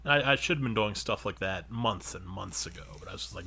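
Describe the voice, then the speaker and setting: A man co-hosting a podcast, casually telling a long, profane gaming story that grows animated as he retells it. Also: lowish voice, fairly quick, gravelly, husky. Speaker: podcast co-host. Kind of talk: casual chat.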